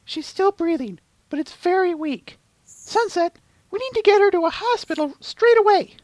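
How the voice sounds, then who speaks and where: Guy squeaking out a worried young pony girl, falsetto way up high, dry sound. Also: expressive, moderate pace, a little mellow, no echo, rough recording. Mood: urgent. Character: anxious young female pony heroine.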